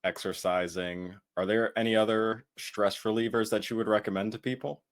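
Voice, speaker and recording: Low-voiced man hosting a podcast. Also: fairly even intonation, normal speed. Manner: reflective, asks questions. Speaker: podcast host. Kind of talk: casual interview conversation.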